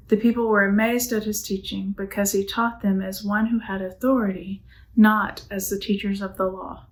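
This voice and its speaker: A woman's voice: medium pitch, poor audio. A woman teaching a middle school Bible lesson, chatting casually and asking the class questions that she then answers herself. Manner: casual and conversational, with frequent "like". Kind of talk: church youth Bible lesson.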